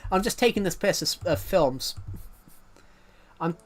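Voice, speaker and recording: A man's voice: sits high, lively intonation, a little slow. A young man chatting casually on a live stream, rambling and self-deprecating, often laughing and restarting his sentences.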